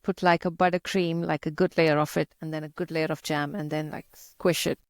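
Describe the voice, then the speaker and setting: Young Indian-accented woman, low-pitched, dry sound, chatty interview guest. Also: flat delivery, brisk, no echo. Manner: chatty, laughs often, many "like" fillers. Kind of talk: casual interview chat.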